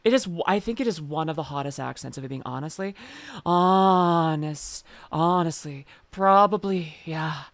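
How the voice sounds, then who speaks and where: A woman giving reaction commentary as a VTuber, gushing and excitable, rambling between bursts of delight. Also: low voice, racing, gravelly, hardly any pauses, dry recording.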